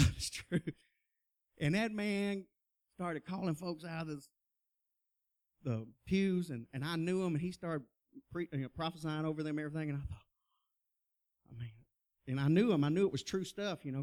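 A man's voice: fairly high pitch, a little fast, pauses often, darkish tone. A middle-aged man, telling his testimony in a folksy preaching style, laughing often and calling out to the crowd. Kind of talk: personal testimony, sermon style.

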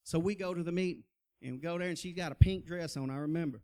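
Talking fast in a mellow voice on the high side, the middle-aged man preaches his testimony in a folksy way. He keeps laughing and calling out to the people gathered.

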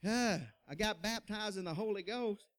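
Here he shares his testimony at normal speed, his high voice a bit bright. The delivery is folksy and sermon-styled, with lots of laughter and calls to the crowd from this middle-aged man.

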